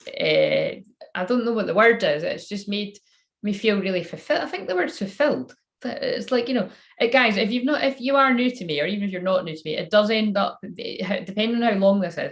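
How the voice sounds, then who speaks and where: A woman's voice: on the low side, vocal fry. A woman giving a casual live-stream oracle card reading as a spiritual counsellor. Her talk rambles and she often breaks off mid-sentence.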